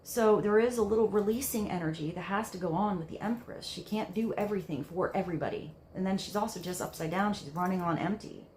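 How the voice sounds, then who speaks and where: A woman's voice: mid-range voice, fast, hardly any pauses, a little mellow, echoey room, slight background noise. A woman giving a casual tarot reading, musing aloud in a rambling way with many fillers. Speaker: tarot card reader.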